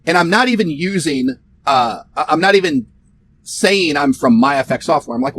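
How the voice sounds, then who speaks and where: Sarcastic male software promoter with a fairly high voice, ranting to camera and swinging his pitch all over. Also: normal speed, slight background noise. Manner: animated, sarcastic, mocking. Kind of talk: ranting direct-to-camera talk.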